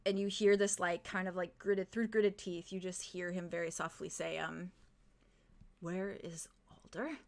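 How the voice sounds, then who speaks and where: A woman as game master narrating a tabletop game, halting and full of fillers. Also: lowish voice, little pitch movement, gravelly.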